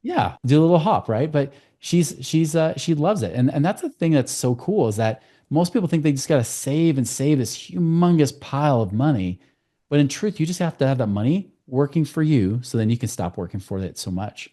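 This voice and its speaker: Fast-talking male money coach. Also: fairly high pitch, animated, warm tone. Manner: fast, storytelling with client anecdotes. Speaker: guest, financial coach. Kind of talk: podcast interview.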